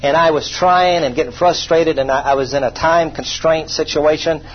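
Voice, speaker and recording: Preacher guy with a kinda high voice, chatty self-mocking sermon stories, dull lo-fi recording with faint hum. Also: steady tone, normal speed. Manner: folksy, self-deprecating, asks the congregation rhetorical questions. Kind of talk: conversational sermon storytelling.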